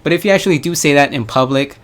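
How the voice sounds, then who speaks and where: A man's voice: on the high side, rapid-fire. A young man from the United States talking casually to his viewers, rambling with hedges and slang. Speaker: vlogger. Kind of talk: casual vlog monologue.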